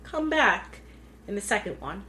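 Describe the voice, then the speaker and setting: A woman's voice: medium pitch, very animated, measured pace, pushed and bright, slight background noise. Chatty woman podcast co-host. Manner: chatty, retells scenes with many "like"s. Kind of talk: casual chat.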